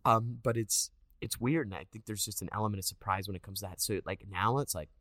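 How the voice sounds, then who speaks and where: A man's voice: fast talker, no room sound. A man in his thirties, an actor, chatting casually in an interview and acting out quotes as he tells stories. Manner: animated storyteller, acts out quotes in a higher voice. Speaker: actor guest.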